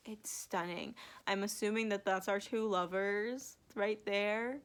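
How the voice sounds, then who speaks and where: Gushing, excitable woman book vlogger. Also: mid-range voice, slow. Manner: gushing, excitable, heavy with fillers and restarts; swears casually. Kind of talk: casual chat to camera.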